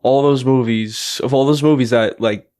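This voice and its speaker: A man's voice: mid-range voice, fairly even intonation, moderate pace, a little mellow. Rambling man on a podcast. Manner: rambling, filler-heavy. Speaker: podcast co-host. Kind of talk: casual chat.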